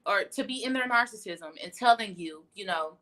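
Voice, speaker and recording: A woman's voice: mid-range voice, lively intonation, normal speed, a bit bright. A young woman giving a casual tarot reading on a livestream, blunt and profane as she talks. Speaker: tarot reader. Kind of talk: casual spiritual livestream talk.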